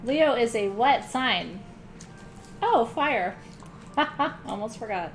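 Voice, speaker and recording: Faint music plays behind a middle-aged woman leading a live-streamed spiritual ceremony. Her voice is on the high side and animated, and she takes it slowly while joking about herself, swearing casually and laughing frequently in easy conversation.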